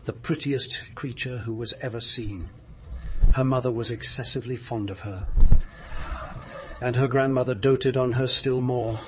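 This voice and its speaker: A man narrating a fairy tale in a steady, measured storybook reading. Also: mid-range voice, crowd noise.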